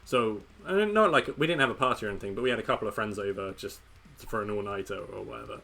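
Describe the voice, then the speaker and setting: A man hosting a casual chat show, easygoing and quick to laugh. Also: on the low side, gravelly, bright, forceful tone.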